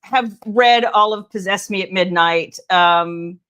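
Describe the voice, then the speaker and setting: A woman's voice: medium pitch, slow, a bit bright, clear, resonant tone. A middle-aged woman, a romance author, chatting casually on a livestream with rambling asides to viewers. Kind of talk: casual live chat.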